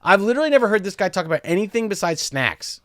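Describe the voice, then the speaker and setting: A man in his thirties co-hosting a casual comedy podcast, telling animated stories and mimicking his parents. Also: high voice, fast talker, dry recording, studio quality. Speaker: podcast co-host.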